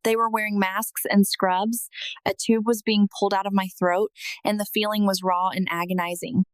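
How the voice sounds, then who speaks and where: Woman, scripted testimony narration, slow and earnest, mid-pitched, dry close sound. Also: level tone, dry recording.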